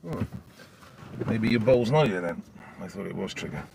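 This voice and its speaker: He's from Wales, with a lowish, gravelly, expressive voice at normal speed, heard against a noisy background. During a casual live stream on his phone, he rambles about current news and keeps turning aside to address his dog between points.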